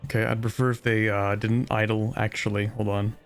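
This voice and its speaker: A man's voice: lowish voice, flat delivery, brisk, creaky. A man streaming a strategy game, rambling casually and thinking aloud with lots of fillers and chuckles. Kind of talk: casual live-stream chat while gaming.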